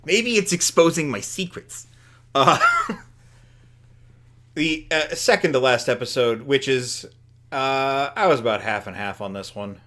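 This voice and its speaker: A man's voice: medium pitch, expressive, measured pace, fairly bright tone. A man co-hosting a podcast in casual chat, hesitant with ums and restarts and a dry sense of humor. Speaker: podcast co-host.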